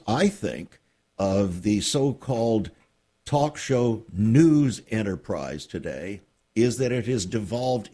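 A man's voice: fairly low pitch, mellow, breathy edge. A man hosting a radio interview program, speaking in an earnest, emphatic way.

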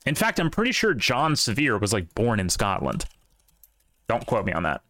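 A man's voice: on the low side, wildly swooping pitch, moderate pace, sharp tone. Opinionated man in casual podcast banter. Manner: opinionated, rambling with many fillers. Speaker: podcast co-host. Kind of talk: casual chat.

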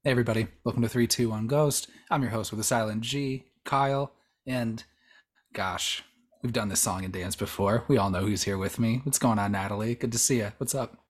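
A man's voice: fairly low pitch, a little fast. A man in his thirties hosting a casual podcast, rambling with many fillers and restarts. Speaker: podcast host.

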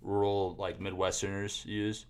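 A man's voice: low-pitched, level tone, a little slow. A man co-hosting a casual podcast chat, easily flustered and laughing. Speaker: podcast co-host.

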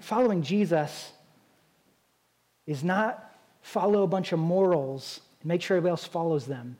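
A man's voice: fairly high pitch, darkish tone, husky. A man preaching a sermon as a pastor, in a conversational style with frequent rhetorical "right?" asides.

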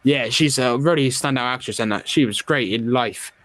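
A man's voice: medium pitch, normal speed, a bit bright. A man hosting a podcast, chatting casually and jokily as he gives his opinions on a film. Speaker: podcast host. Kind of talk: casual film review chat.

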